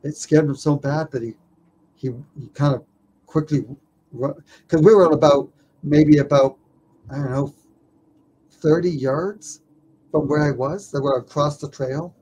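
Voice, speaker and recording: A man tells a story as an interview guest, his voice sitting a bit high. He stammers and repeats himself as the story builds. A faint hiss lies under the recording. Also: measured pace, long pauses. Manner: animated storyteller who stammers and repeats words. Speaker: documentarian and wildlife filmmaker, interview guest.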